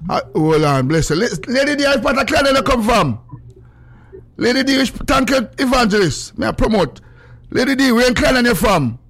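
A man with a Jamaican accent hosting a gospel radio show, chatting excitedly and slipping into sing-song. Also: very high voice, a little fast. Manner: excitable, breaks into sing-song, loud exclamations. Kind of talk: casual radio chat.

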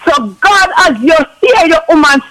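A man's voice: extremely high pitch, animated, normal speed, pushed and bright, rough recording. A man ministering in an impassioned spoken prayer for someone, ending nearly every phrase with a call to God. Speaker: minister praying for a caller.

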